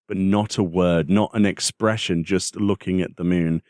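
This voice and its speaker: Male podcast host, deep voice, dry close sound, lively ranting gamer chat. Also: normal speed, few pauses, no room sound. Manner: animated, acts out characters in exasperated voices. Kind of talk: casual gaming chat.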